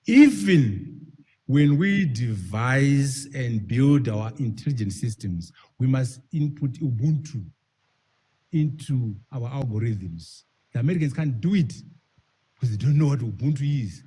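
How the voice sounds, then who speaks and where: A man's voice: mid-range voice, expressive, a little slow, mellow, breathy edge. A man giving an emphatic public speech, repeating key phrases and putting rhetorical questions to his audience. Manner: repeats key phrases, stretches words for stress. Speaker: speaker at a public forum.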